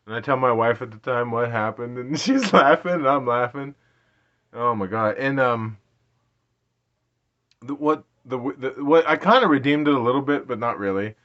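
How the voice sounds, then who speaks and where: A man's voice: medium pitch, moderate pace, fairly bright tone. Late-30s man, self-deprecating storyteller with frequent laughter; dull lo-fi recording. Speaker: vlogger. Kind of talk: casual storytelling.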